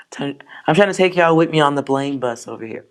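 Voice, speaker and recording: A woman hosting a tarot livestream, chatting with viewers in brash, profane, joking rants. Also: low voice. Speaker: tarot reader and livestream host. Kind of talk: casual livestream chat with viewers.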